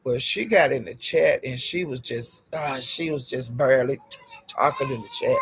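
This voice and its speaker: A man telling gossip in a casual vlog, with a sassy and profane manner, calling his listeners honey and child and jumping up in pitch for emphasis. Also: normal speed, a little hiss or hum. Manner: animated, jumps up in pitch for emphasis. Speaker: gossip vlogger.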